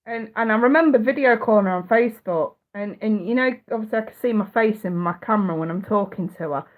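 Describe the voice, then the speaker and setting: A woman's voice: medium pitch, fast talker. A woman with a blocked, stuffy nose, hosting a casual livestream as a psychic reader, chatty, swearing freely and laughing often. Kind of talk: casual livestream chat answering viewers.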